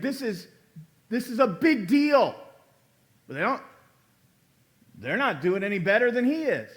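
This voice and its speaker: A male pastor preaching a conversational sermon in a church, acting out quoted lines with sudden jumps in pitch and loudness. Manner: conversational preaching, acts out quoted dialogue with big pitch swings.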